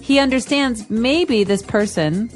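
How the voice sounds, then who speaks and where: A woman's voice: on the high side, a little slow, faint music behind. Woman co-host explaining English phrases. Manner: clear, patient explanations with examples. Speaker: podcast co-host, English teacher. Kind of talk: English lesson podcast.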